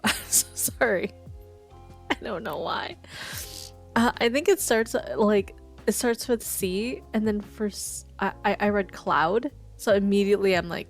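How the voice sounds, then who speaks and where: A woman's voice: medium pitch, unhurried, soft background music. A woman streaming, telling stories in a casual, chatty way, laughing often and swearing. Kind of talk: casual stream chat, storytelling.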